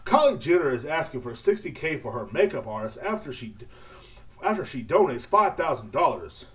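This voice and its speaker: A man hosting a casual solo podcast, rambling and swearing, with lots of filler words and restarts. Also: on the high side. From United States. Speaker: podcast host.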